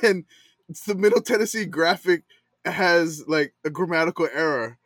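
A podcast co-host in a casual chat, giggly and lively when telling stories. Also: mid-range voice, normal speed, no room sound.

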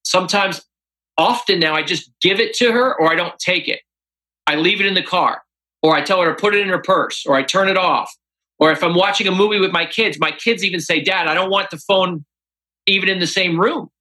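A man's voice: high voice, fairly quick, pushed and bright, poor audio. A man, an author and interview guest, telling stories animatedly and acting out quoted dialogue. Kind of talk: interview storytelling.

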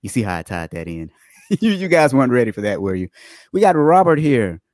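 A man's voice: mid-range voice, very animated, quick pace, a little mellow, no echo, clean studio sound. A man hosting a livestream, chatting upbeat with viewers and greeting them by name before reading fraud news stories. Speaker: livestream host.

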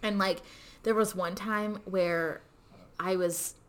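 A young adult woman co-hosting a podcast in casual chat. She giggles often and acts out quotes in squealing high voices. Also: fairly even intonation, slow. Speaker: podcast co-host.

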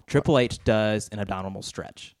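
A man's voice: on the low side, moderate pace, no room sound, clean studio sound. A man co-hosting a podcast in casual chat, enthusiastic, often stammering and restarting as he talks. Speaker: podcast co-host.

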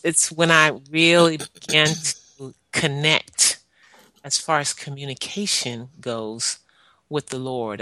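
A woman tells her own story in an earnest, halting way, stopping often to gather her words. Her voice is bright and forceful. It sits dry and close, with no room sound around it. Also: low-pitched, dry recording. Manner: earnest, halting with frequent pauses. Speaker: guest sharing her life story. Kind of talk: personal testimony, storytelling.

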